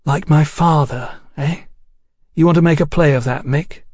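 A man voicing a sharp-tongued young woman singer who answers warily and questions pointedly. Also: on the high side, normal speed, dry recording, studio quality, pitched above the performer's own voice, lightly acted. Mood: wary. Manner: tart, questioning.

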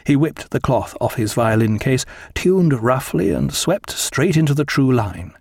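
A man's voice: medium pitch, sing-song, unhurried, vocal fry, hardly any pauses, darkish tone, slightly rough, dry recording. Man narrating an audiobook, dry sound. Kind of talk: scripted narration of a novel.

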